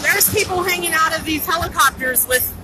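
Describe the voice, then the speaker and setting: Streaming live on a handheld phone from a pedestrian bridge beside a busy border crossing, a woman gives unscripted commentary as a citizen reporter. Her very high-pitched voice comes a little fast, urgent and excited, slightly breathless, and she repeats herself. The noisy outdoor recording picks up traffic and helicopters.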